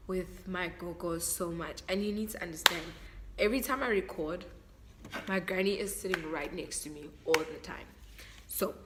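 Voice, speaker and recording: Young south african woman vlogging, low-ish but bright voice, heartfelt rambly chat to the camera. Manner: heartfelt and chatty, repeats herself, talks straight to viewers. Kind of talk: casual vlog talk to camera.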